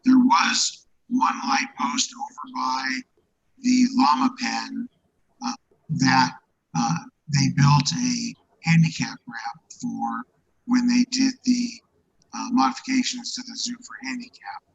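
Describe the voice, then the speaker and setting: Gravelly husky man with a distorted, robotic mic. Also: extremely high pitch, animated, a bit bright, lo-fi sound. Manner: halting, drifting into whispers. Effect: distorted robotic mic sound. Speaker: guest treasure hunter. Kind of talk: casual storytelling on a live stream.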